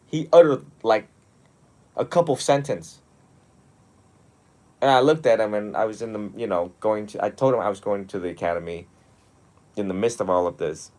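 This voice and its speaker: A young adult man, a monastic teacher, talking one on one in a lively storytelling way with frequent laughs. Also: fairly low pitch, moderate pace, long pauses. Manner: animated storytelling, often laughing. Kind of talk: one-on-one mentoring talk.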